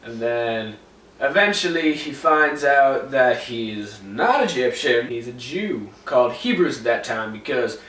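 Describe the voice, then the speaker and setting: A man's voice: medium pitch, animated, unhurried, fairly bright tone. A young man retelling a story in a rambling, jokey way, recorded in a roomy space from far off the mic. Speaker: vlogger. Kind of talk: comic retelling.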